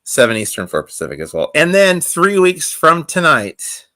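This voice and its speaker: A man's voice: fairly high pitch, wildly swooping pitch, normal speed, sharp tone, no room sound, clean studio sound. A man hosting a casual music show, chatting and joking while giving announcements. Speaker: host. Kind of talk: casual radio show chat.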